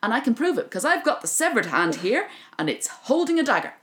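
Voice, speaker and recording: A woman's voice: a little high, sing-song, brisk, a bit bright, pitched above the performer's own voice. An Irish woman voicing a clever talking dog who is really a cursed young prince, in a storytelling podcast. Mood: proud.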